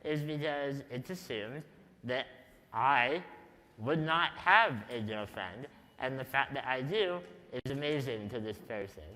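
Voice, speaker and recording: A man giving a talk at a conference, telling stories in a slow, deliberate, wry way. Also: medium pitch, expressive, bright, forceful tone. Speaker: conference speaker. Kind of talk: storytelling talk to a live audience. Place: large conference hall. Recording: reverberant conference hall.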